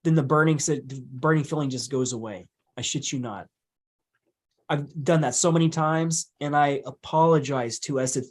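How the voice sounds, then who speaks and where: A man with a somewhat high voice talks in a blunt, emphatic way. He swears freely and drives his points home in loose podcast conversation. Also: normal speed. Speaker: podcast guest, hypnotist. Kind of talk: casual conversation.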